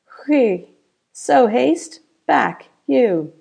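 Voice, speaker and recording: A woman's voice: on the high side, animated, very slow, creaky, husky, pitched above the performer's own voice, heavily acted. A woman doing a grinning, mocking Spanish guard. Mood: gruff. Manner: soft-spoken, teasing.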